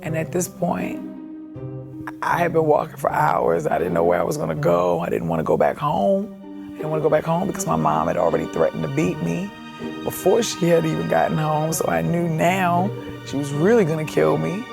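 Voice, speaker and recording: A woman candidly recounting her own life in a documentary, halting and reflective, with music behind her. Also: deep voice, very animated, creaky. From Baltimore, USA. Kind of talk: personal documentary testimony. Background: background music.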